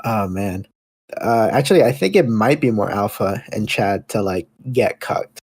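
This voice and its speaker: A man's voice: fairly low pitch, lively intonation, measured pace, darkish tone, husky, dry recording. A man hosting a podcast in casual comedic chat, rambling, laughing often and acting out silly scenes. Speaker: podcast host.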